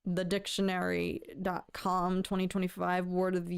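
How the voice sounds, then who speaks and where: This woman runs a casual livestream, rambling to viewers, stammering and restarting, and mock-dramatically bemoaning things in jest. Yet her delivery is completely flat: a low, gravelly, clear and resonant voice at normal speed with few pauses.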